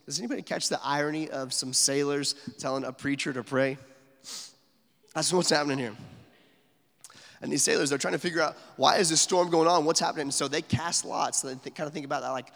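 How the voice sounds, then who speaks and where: A man's voice: a little high, brisk, vocal fry, fairly bright tone, long reverb tail. A man preaching a sermon in a casual, conversational way, full of fillers, sometimes dropping almost to a whisper for emphasis. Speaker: pastor.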